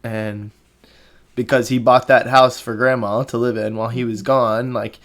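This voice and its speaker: A man's voice: medium pitch, little pitch movement, moderate pace. A man hosting a podcast and interviewing his mother, talking in a rambling, emotional way with many fillers. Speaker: podcast host. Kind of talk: casual interview. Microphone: podcast microphone.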